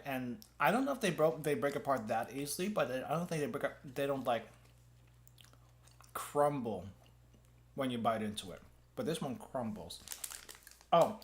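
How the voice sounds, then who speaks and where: A man streaming as a VTuber, chatting casually while tasting snacks. He rambles, restarts his phrases, and talks around a mouthful of gum. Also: fairly high pitch. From United States. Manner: rambling and self-correcting, often restarts phrases.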